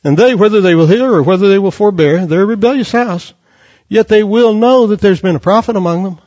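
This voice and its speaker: A man's voice: sits high, fairly quick, darkish tone. A man preaching a sermon with passion, quoting scripture and firing off rhetorical questions. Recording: dull lo-fi recording.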